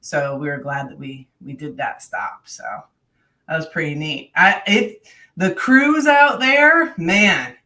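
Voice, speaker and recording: Female co-host, low-ish bright tense voice, upbeat chat, off-mic. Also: slow. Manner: upbeat, chatty storytelling. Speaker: podcast co-host. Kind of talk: casual chat. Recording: voice a bit far from the mic.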